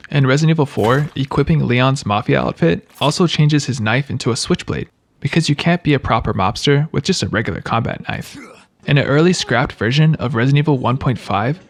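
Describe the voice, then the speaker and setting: A man giving scripted video-game trivia narration, with wry, joking asides. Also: mid-range voice.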